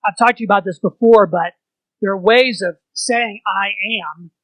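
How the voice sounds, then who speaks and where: A man's voice: high-pitched, normal speed, fairly bright tone, no echo, low-quality recording. A man leading an informal church Bible study, talking conversationally and putting questions to the group.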